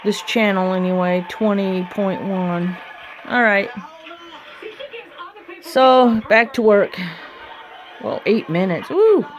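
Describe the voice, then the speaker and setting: A woman vlogger rambling casually and thinking out loud while doing chores around her home and yard. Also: medium pitch, takes it slowly, long pauses.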